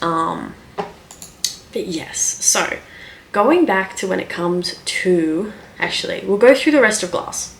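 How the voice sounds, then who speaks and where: A woman's voice: medium pitch, lively intonation, measured pace, vocal fry, a bit bright, slight background noise. A young woman talking casually through writing tips, thinking aloud with lots of ums and likes. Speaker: writing vlogger. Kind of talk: casual screen-share talk.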